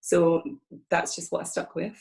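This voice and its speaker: A woman's voice: lowish voice, monotone, measured pace, creaky, darkish tone, rough recording. A woman with a Scottish accent, a guest in a conversational interview, speaking earnestly and reflectively over a video call.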